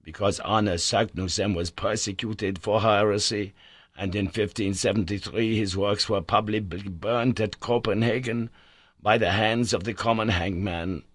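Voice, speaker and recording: A man voicing a worthy, earnest male Icelandic scholar who speaks slowly and courteously. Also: on the low side, steady tone, no echo, clean studio sound. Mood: sad.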